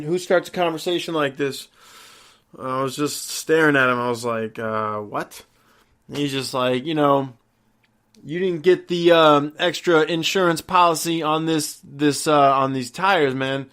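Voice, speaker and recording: A man's voice: a little high, fairly bright tone. Exasperated young man ranting, swearing. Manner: profane, exasperated, acts out both sides of the exchange. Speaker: vlogger. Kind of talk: casual ranting storytime.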